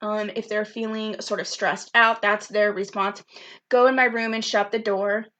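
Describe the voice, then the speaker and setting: A woman's voice: mid-range voice, steady tone, normal speed, bright, forceful tone. A woman leading a live online youth workshop, chatty and upbeat, reading out viewers' comments by name over a video call. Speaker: program specialist leading a virtual youth workshop.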